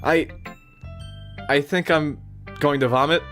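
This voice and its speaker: A man commentating a game playthrough with loud, panicky reactions. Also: fairly high pitch, unhurried, long pauses, soft background music. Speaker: gameplay commentator. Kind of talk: let's play commentary.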